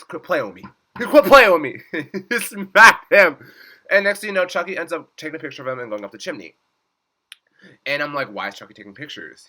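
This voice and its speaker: Bright-voiced young man recapping chattily. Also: mid-range voice. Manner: chatty, says "like" constantly, acts out quotes in swooping voices. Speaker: reaction vlogger. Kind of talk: casual episode recap.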